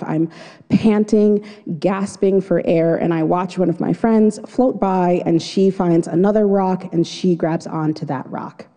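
A woman's voice: on the low side, mellow. A woman telling a personal story live on stage, in a vivid, dramatic first-person way. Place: stage before an audience. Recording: long hall reverb.

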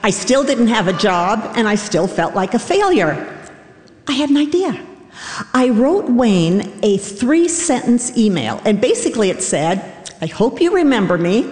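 A woman's voice: on the high side, big pitch swings, measured pace, darkish tone. A middle-aged woman telling a self-deprecating, wry personal story live on a theater stage. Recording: roomy hall reverb.

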